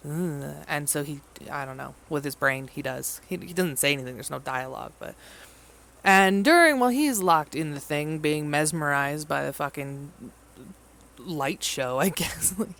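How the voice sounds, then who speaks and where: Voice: medium pitch, unhurried, vocal fry, fairly bright tone. A movie vlogger giving a casual, rambling and profane recap of a film, mimicking the characters in mock voices.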